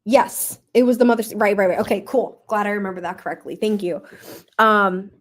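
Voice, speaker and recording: A young woman hosting a book club, talking casually and emotionally about a novel, with many fillers and pauses to think. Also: mid-range voice, fairly even intonation. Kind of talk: casual book review livestream.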